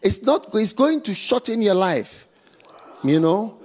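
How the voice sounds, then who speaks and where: A man preaching a slow, emphatic sermon in church, stopping often for call-outs to the congregation. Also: high-pitched, big pitch swings, darkish tone. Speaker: pastor.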